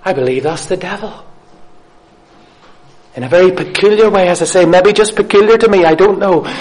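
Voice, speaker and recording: A man with a high voice preaches a sermon. He speaks earnestly, asks his listeners questions, and repeats key phrases for emphasis. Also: brisk, darkish tone, a little hiss or hum.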